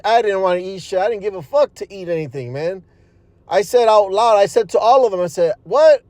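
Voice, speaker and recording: Animated high-voiced man telling his testimony. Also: no echo. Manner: animated, profane street talk with frequent fillers; laughs at his own story. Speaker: speaker giving a testimony. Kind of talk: casual storytelling testimony.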